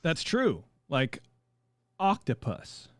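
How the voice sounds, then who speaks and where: A man's voice: fairly high pitch, wildly swooping pitch, slow pace, fairly bright tone, no echo. Rambling, joking man hosting a podcast. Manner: rambling, self-deprecating, joking. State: has a cold. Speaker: podcast host. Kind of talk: casual podcast chat.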